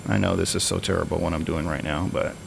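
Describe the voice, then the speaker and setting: Gravelly-voiced man muttering through a stream. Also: low voice, noisy background. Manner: rambling, thinking aloud, mutters to himself. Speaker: flight sim streamer. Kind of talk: casual live-stream commentary.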